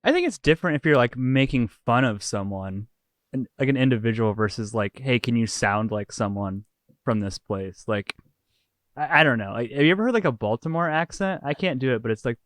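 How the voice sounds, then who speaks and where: A man's voice: medium pitch, expressive, brisk, no echo. A man chatting casually on a podcast, blunt and opinionated. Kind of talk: casual chat.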